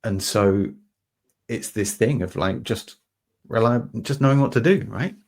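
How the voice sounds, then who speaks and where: A man hosting a podcast, talking through an idea in a relaxed, meandering way, with lots of fillers and restarts and homely everyday examples. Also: on the low side, measured pace, creaky. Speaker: podcast host. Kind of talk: reflective conversational explanation.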